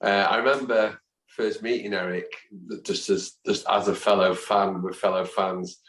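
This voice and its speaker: Man, middle-aged, lively storyteller, lowish voice, echoey room. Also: normal speed. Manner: lively, chatty, animated anecdotes. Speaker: guest, football fan and chant songwriter. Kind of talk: anecdotal storytelling in conversation. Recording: roomy echo.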